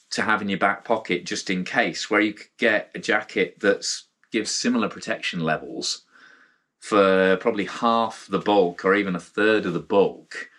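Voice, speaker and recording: Low-voiced British man reviewing gear frankly. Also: fairly bright tone. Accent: British English. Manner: frank and rambling, with frequent restarts and blunt asides. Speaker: mountain bike gear reviewer, channel host. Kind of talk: casual spoken product review.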